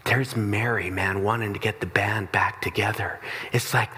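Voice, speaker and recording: A man preaching a sermon in a relaxed, conversational way, telling stories with blunt asides. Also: lowish voice, normal speed, hardly any pauses. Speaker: pastor. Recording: long hall reverb.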